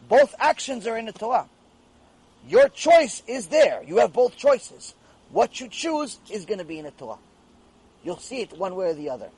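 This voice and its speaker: A male rabbi teaches Torah with emphatic repetition, driving each point home several times. His voice sits high and carries a husky edge. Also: low-quality recording. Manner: emphatic, repeats key phrases. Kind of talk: Torah lecture.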